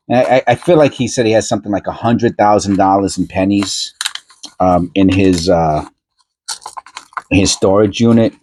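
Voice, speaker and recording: Low-voiced man chatting casually while sorting coins. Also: slight background noise. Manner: rambling, repeats and corrects himself, excited asides. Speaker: coin roll hunting channel host.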